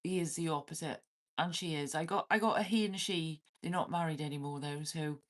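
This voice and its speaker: A woman's voice: sits low, brisk. A Welsh woman hosting a livestream from her cabin, chatting casually with viewers, laughing often and swearing freely. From Wales. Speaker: livestream host.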